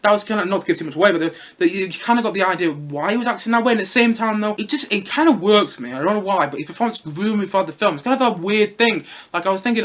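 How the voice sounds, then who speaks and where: Fast-talking, high-voiced man. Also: animated, fairly bright tone. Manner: rambling, enthusiastic, repeats himself. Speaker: film reviewer. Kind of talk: casual spoken film review.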